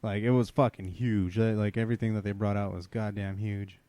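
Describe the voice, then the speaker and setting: A man co-hosting a podcast, telling stories in a relaxed, profane way. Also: on the low side, brisk, no echo. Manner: profane, laid-back storytelling. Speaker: podcast co-host. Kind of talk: casual chat.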